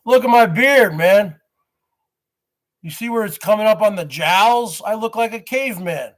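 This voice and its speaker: A man in his forties hosts his own vlog, rambling directly to his viewers and calling them "folks." His voice is high and expressive, and he talks a little slowly.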